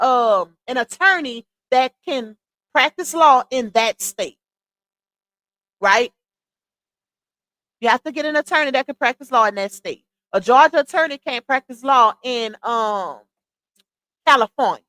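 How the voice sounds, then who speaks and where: A high-pitched woman hosts a casual livestream, giving sassy, incredulous commentary and calling viewers "y'all" and "baby." Her fairly bright voice is captured on a dry, close mic in low-quality audio.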